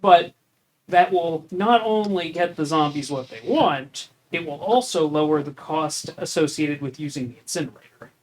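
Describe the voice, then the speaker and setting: A man with a fairly high voice plays a tabletop game, wry and reasoning things through out loud. Faint noise runs behind him. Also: moderate pace, low-quality recording. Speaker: player. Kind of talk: casual tabletop game play.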